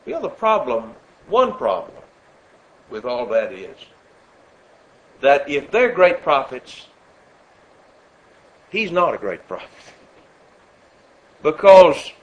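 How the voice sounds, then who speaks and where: A man preaching a sermon, who gets loud and high when he quotes scripture and drops low and soft for his asides. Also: dull audio.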